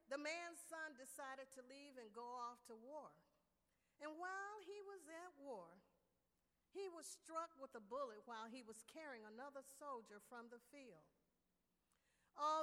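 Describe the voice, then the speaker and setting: Woman preacher, children's sermon, expressive storytelling, echoey hall. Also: high voice. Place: large hall with audience.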